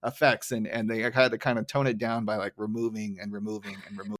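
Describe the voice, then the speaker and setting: A man co-hosting a podcast in relaxed casual chat, full of likes and asides. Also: lowish voice, fast. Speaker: podcast co-host. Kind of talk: casual chat recapping an episode.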